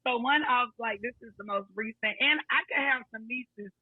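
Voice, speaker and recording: A woman's voice: on the high side, normal speed, breathy edge, no echo, narrow, tinny audio. A woman teacher who joins a casual chat as a guest and tells stories expressively, acting out the quotes. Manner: expressive storyteller, acts out quotes.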